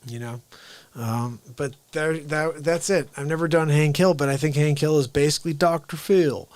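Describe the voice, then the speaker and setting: A man chatting casually with his viewers as a livestream comedian, musing and trailing off softly. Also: fairly high pitch, normal speed, dry recording.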